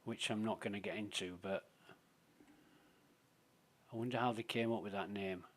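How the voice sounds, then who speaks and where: A man's voice: fairly low pitch, steady tone, moderate pace. A man, streaming a game live and giving rambling, profane, sardonic commentary.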